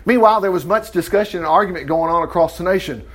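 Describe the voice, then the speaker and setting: A man's voice: high voice, fast talker, a bit bright. A man reading a Bible passage aloud and breaking off into chatty, chuckling asides to his listeners. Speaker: Bible teacher. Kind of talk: Bible reading with off-the-cuff commentary.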